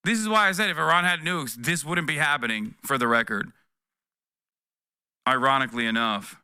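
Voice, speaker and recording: Brash, bright-voiced streamer ranting. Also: male voice, medium pitch, normal speed, clean tone, dry recording, studio quality. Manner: profane, sarcastic and exasperated. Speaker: political streamer. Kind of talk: live reaction commentary.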